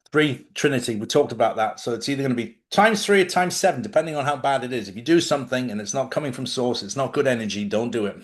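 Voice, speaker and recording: A man, talking casually about spiritual living and telling stories from his own life, often checking in with his listeners. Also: mid-range voice. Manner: conversational storytelling, asks listeners questions. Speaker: host.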